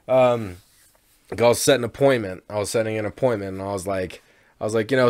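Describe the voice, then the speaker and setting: A man's voice: medium pitch, steady tone, a little fast, no echo. A man co-hosting a podcast in a casual chat, rambling and laughing often with frequent restarts, recorded in a studio. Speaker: podcast co-host.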